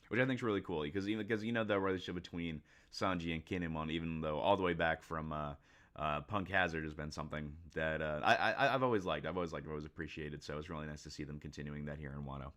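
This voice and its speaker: A man's voice: a bass voice, fast, a bit bright. A man hosting a casual live reaction to a comic chapter, reading it aloud, laughing often and talking with many fillers and restarts. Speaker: manga reaction host.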